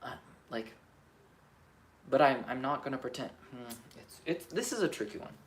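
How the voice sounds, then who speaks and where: A man on a solo vlog, thinking aloud in a candid, self-questioning way, shifting between quiet muttering and emphatic, profane outbursts. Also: medium pitch, animated, normal speed. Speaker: vlogger. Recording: roomy echo with faint ambient noise.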